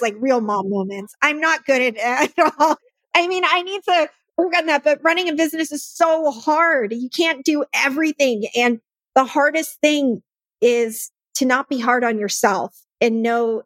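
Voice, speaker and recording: A woman's voice: fairly high pitch, no room sound. A woman in her thirties, a nonprofit founder speaking as a podcast guest in a casual, earnest and emotional way. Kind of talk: casual interview chat.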